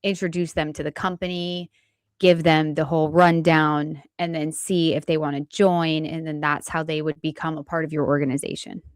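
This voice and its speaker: Low-voiced woman podcast co-host. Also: moderate pace, dry recording, clean studio sound. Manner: steady, explanatory, clarifying details. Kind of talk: casual podcast chat.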